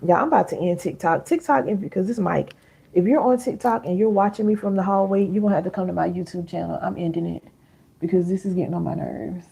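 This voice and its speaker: Woman host, middle-aged, dark mellow tone with some rasp, talking casually to her live viewers. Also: on the low side, fast talker. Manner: chatty, reads viewer comments aloud, calls viewers baby and girl. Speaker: live-stream host and healing coach. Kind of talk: casual live-stream coaching talk.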